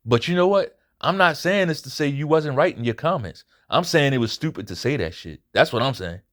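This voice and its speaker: A man's voice: mid-range voice, animated, brisk, a bit bright. Blunt, profane man ranting about a fight. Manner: blunt, profane, emphatic, repeats points for emphasis. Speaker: boxing commentary channel host. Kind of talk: casual fight recap rant.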